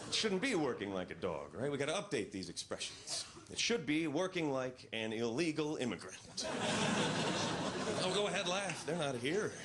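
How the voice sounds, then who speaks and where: A male stand-up comedian telling stories in a deadpan, incredulous way on a club stage into a handheld mic. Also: mid-range voice, unhurried, a loud crowd. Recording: loud audience noise, live club.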